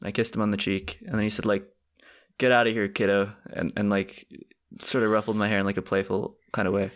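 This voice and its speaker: A man's voice: fairly low pitch, level tone, fast talker. A young man co-hosting a comedy podcast, sarcastic and teasing, who slips into absurd mock-apologetic bits. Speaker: podcast co-host. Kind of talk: casual comedic banter.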